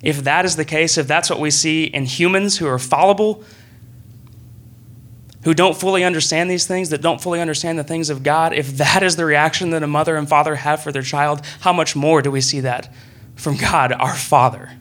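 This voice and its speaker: A young man preaching a sermon in a church room, earnest and conversational, breaking into excited bursts. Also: a little high, normal speed.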